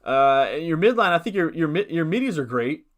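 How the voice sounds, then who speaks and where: On a lo-fi recording, a young man with a slightly high voice speaks briskly with big pitch swings. Streaming live, he casually works through fantasy football teams and reads chat, upbeat and rambling, thinking aloud between hiccups.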